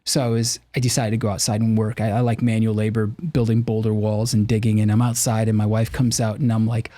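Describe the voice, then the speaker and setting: A man's voice: on the low side, steady tone, quick pace, few pauses, warm tone, no echo. A middle-aged man speaking earnestly and with animation as a podcast guest, telling personal stories and acting out the voices he quotes. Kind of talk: candid personal storytelling.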